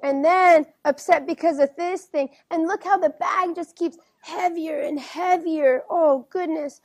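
A woman teacher reading a picture book aloud to children, gently asking them questions as she goes. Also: extremely high pitch, unhurried, dry recording. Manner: gentle, questioning, keeps checking in with the kids.

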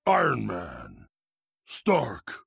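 A man's voice: fairly low pitch, wildly swooping pitch, drawn-out words, fairly bright tone, no echo, studio quality, full character voice. An actor playing a huge green male brute full of rage, roaring in blunt, broken third-person speech for video game voice lines. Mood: gruff. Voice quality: gravelly roaring voice.

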